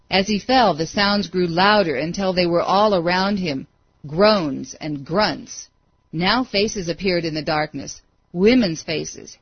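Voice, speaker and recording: A woman's voice: on the low side, slightly rough, no room sound. Woman reading a story aloud. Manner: steady, dramatic read-aloud pacing. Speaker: narrator. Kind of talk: audiobook storytelling. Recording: dry, dull lo-fi recording.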